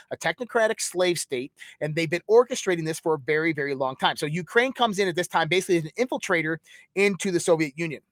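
Man with a high voice, dry close sound, rambling conspiratorial lecture, emphatic, full of rhetorical questions. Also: no echo. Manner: rambling, piles up lists. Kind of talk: conspiratorial monologue.

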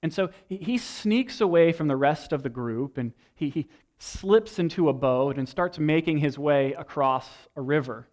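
A young adult man preaching a sermon, telling a story with lively energy and acting out lines from a movie. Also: a little high, normal speed. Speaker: pastor.

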